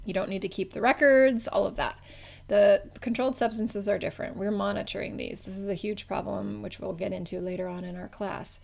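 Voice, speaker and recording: In a fairly quick, gravelly voice of medium pitch, steady and darkish in tone, a pharmacology instructor lectures her class. She keeps it casual and conversational, often correcting herself mid-sentence, all while hiccuping.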